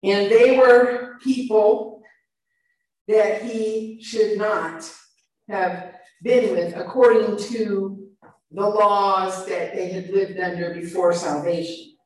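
A woman preaching a sermon, animated, shifting between loud and soft emphasis. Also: mid-range voice, slow. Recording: echoey room, mic far off.

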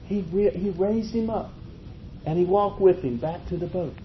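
High-voiced folksy preacher man, muffled. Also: moderate pace. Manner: folksy, animated preaching with chuckles. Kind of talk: sermon. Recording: muffled, low-fi with faint noise.

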